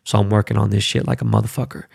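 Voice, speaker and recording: A gravelly middle-aged man talks into a close podcast mic in a very dry room. He rambles casually and swears a lot, and his voice climbs high and loud when he gets worked up. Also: flat delivery, racing, no echo. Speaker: podcast host. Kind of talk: casual chat.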